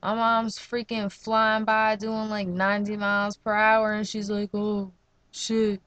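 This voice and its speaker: A woman's voice: mid-range voice, measured pace, clean tone, dry recording. A young woman from New Jersey telling slangy, profane stories in a casual vlog rant. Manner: slangy, profane, animated storytelling.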